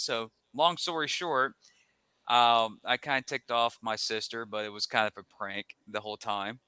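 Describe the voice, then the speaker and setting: Male podcast co-host, rambling storyteller, clear smooth voice. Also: mid-range voice, normal speed, sharp tone, dry recording. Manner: rambling storyteller with frequent restarts. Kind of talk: casual podcast chat.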